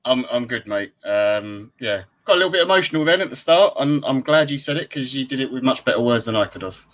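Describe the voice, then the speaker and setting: A man co-hosting a casual football podcast, easygoing and measured. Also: medium pitch, animated, fairly bright tone, low-quality recording. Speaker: podcast co-host.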